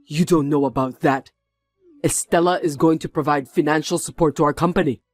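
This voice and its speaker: A man's voice: fairly high pitch, steady tone, fairly quick, no room sound, faint music behind, close to an everyday voice. A man voicing a company executive who sternly scolds someone for her cruelty in a drama. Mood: reproachful. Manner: stern, reproachful.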